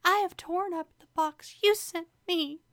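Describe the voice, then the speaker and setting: A woman voicing a dreamy young woman in a hushed whisper, as whispered role-play. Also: very high voice, steady tone, a little slow, voice pushed up, full character voice.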